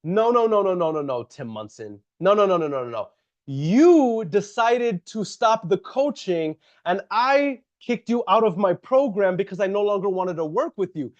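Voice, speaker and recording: A man's voice: sits high, animated, normal speed, lo-fi sound. A man talking casually on a livestream and answering chat comments head-on, restarting and repeating himself often. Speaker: real estate investor and coach on a livestream. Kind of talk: livestream talk.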